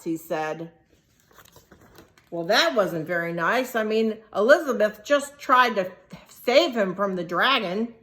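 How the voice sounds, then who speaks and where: A teacher reading a picture book aloud to young children, animated and stopping to ask them questions. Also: female voice, mid-range voice, slow. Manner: animated, asks the listeners questions.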